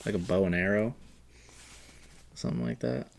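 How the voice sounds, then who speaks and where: A young man as a podcast guest, laid-back and easygoing, often trailing off softly. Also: sits low, lively intonation, normal speed, vocal fry, a little hiss or hum. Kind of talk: casual podcast chat.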